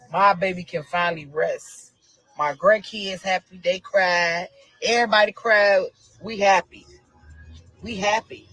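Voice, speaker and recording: A woman's voice: on the low side, a bit bright, slightly rough, poor audio. A middle-aged woman with a Chicago accent, a grieving mother talking emotionally on a livestream and repeating phrases over and over. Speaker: victim's mother.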